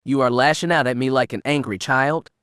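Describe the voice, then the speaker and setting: A man's voice: mid-range voice, steady tone, a little fast, a bit bright, smooth, no room sound, studio quality, close to an everyday voice. A man voicing a steely Sith inquisitor woman. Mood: firm. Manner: firm, scornful. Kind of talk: audiobook character reading.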